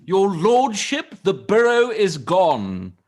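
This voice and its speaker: A dutiful servant addresses his lord in stiff, formal tones, played by a man in an improv scene. His voice is high and carefully deferential. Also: huge pitch swings, takes it slowly, exaggerated voice. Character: deferential male servant in Shakespearean style.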